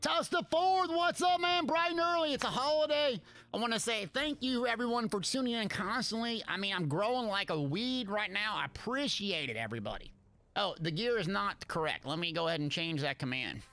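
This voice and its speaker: High, bright-voiced hyped male streamer. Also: expressive, fairly quick. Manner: hyped, shouts and laughs during fights. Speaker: game streamer. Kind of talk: live gameplay commentary.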